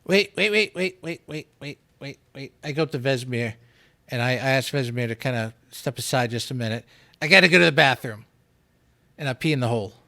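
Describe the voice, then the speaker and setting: A man's voice: mid-range voice, a little fast, a bit bright. A man playing a tabletop game who cuts in urgently to make a joke. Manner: urgent, jokey interruptions. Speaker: player. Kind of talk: joking tabletop play.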